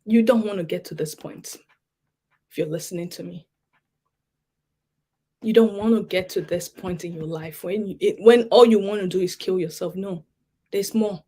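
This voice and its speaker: At a summit, a woman with a mid-range, mellow, slightly rough voice gives an emotional personal testimony. She speaks haltingly, repeating words as she earnestly pleads with listeners.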